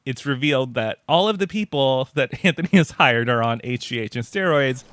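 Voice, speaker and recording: A man's voice: mid-range voice, expressive, fairly quick, a bit bright, no echo, studio quality. Chatty guy with lots of "like" fillers. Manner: chatty, full of "like" fillers, laughs often. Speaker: pop culture writer and guest. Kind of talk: casual interview chat.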